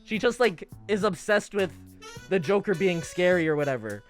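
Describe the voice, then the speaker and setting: A man chatting casually to his stream audience, talking in an animated way with lots of swearing and acting out dialogue in quick bursts. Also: high-pitched, soft background music. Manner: animated, profane, acts out quoted dialogue. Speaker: livestreamer.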